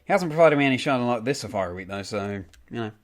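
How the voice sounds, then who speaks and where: A man's voice: mid-range voice, expressive, fast talker. A young man streaming a game, casually reading out and answering chat messages with frequent ums. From United Kingdom.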